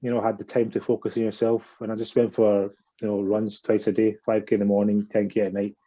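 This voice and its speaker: Low, dark-voiced man on a dull line. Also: flat delivery, fast talker. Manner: plain, hesitant answers. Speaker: cricketer, guest. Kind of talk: casual interview answers.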